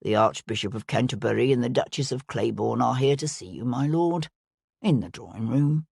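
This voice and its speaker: A woman voicing a grave, long-suffering male butler who speaks slowly and solemnly. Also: very deep voice, vocal fry, darkish tone, breathy edge, dry recording, studio quality, pitched below the performer's own voice, full character voice. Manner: slow, solemn.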